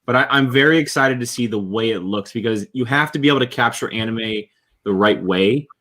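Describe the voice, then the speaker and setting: A man hosting a casual podcast chat about films, talking eagerly in quick bursts. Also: medium pitch, fairly bright tone. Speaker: podcast host.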